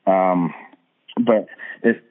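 A man's voice: deep voice, very slow. A man talking earnestly as a podcast guest about hearing God, with frequent restarts and fillers. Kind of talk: casual faith talk. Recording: tinny phone-like line.

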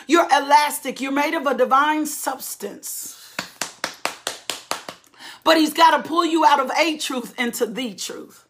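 A woman's voice: high voice, moderate pace, a bit bright. A woman preacher delivering a fervent sermon in a repetitive, rhythmic preaching cadence, calling on her listeners to respond.

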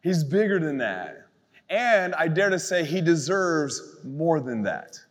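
Youth pastor guy preaching live, high voice, lots of asides, big echoey church hall. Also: takes it slowly. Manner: animated, conversational preaching with frequent asides. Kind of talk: live sermon to a youth congregation.

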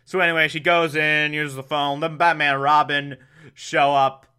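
A man's voice: fairly high pitch, level tone, moderate pace, sharp tone, clear, resonant tone. A man hosting a podcast, recapping an episode in a casual, chatty way, laughing often and adding mocking asides. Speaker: podcast host.

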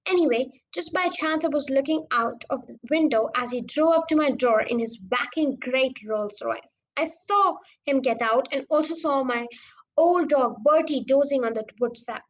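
A woman doing a fiery, mischievous old country doctor, high-pitched, storybook reading. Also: lightly acted, low-quality recording. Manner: storybook reading with lively emphasis.

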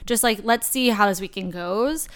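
Smooth-voiced young woman chatting. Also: mid-range voice, moderate pace. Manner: chatty, emotional storytelling with many fillers. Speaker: podcast co-host. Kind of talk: casual chat.

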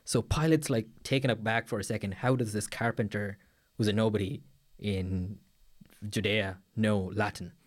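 A man's voice: fairly low pitch, fairly even intonation, normal speed. A man co-hosting a casual faith podcast, rambling with many fillers and restarts. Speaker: podcast co-host.

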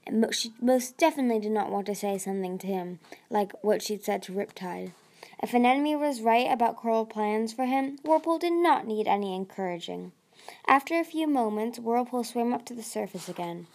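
A woman's voice: on the high side, gravelly, a little mellow. A woman narrating a fantasy novel aloud, reading steadily with occasional slips and restarts.

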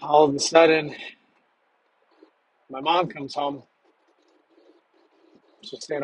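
A man telling a personal story from his past in a halting, measured way with long pauses. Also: a little high, little pitch movement, a little hiss or hum, poor audio.

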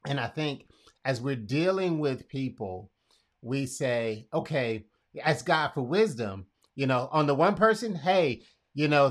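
A man's voice: fairly high pitch, a bit bright. A man hosting a casual conversation, asking questions and retelling a Bible story in his own words. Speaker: podcast host.

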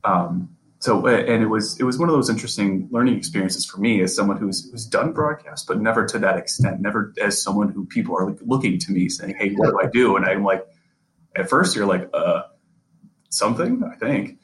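Earnest young man with a low voice. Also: a little fast, fairly bright tone, poor audio. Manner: earnest, repeats and restarts words. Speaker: sports reporter, podcast guest. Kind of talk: casual interview conversation.

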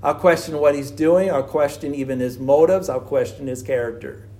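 Man, pastor, high voice, earnest sermon, rhetorical questions. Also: moderate pace, mellow.

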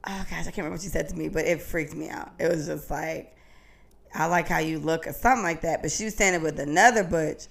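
A woman's voice: sits low, quick pace, vocal fry. A woman co-hosting a podcast in casual chat, telling stories bluntly and crudely. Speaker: podcast co-host.

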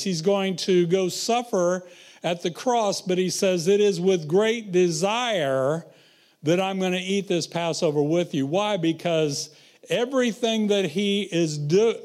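A man preaches a sermon in a notably high voice, taking his time. He quotes scripture and keeps asking the congregation questions. The pace stays slow and deliberate throughout. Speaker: pastor.

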